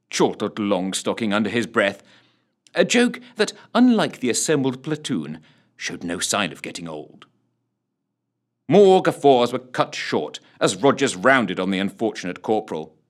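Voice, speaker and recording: A man narrating an audiobook in an expressive storytelling manner. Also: on the low side.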